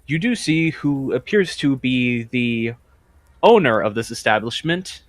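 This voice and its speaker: Game master, easygoing chatty narration, mid-pitched man, dry close sound. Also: unhurried, dry recording. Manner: relaxed, chatty narration full of fillers.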